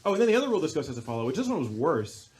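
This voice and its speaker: A young man doing a stand-up comedy set on a club stage, telling stories deadpan and bursting into loud acted-out quotes. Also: fairly high pitch, very fast. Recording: live club recording, audible crowd noise.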